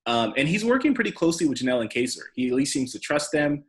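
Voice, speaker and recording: A man co-hosting a podcast, chatting casually in a relaxed, conversational way. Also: mid-range voice, fast. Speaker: podcast co-host. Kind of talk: casual recap chat.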